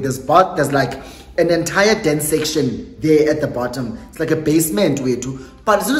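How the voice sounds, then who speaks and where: A young South African woman, a YouTuber, tells a lively storytime on her vlog, sprinkling Xhosa phrases into her English. Her voice sits low, and the room is echoey with faint music in the background.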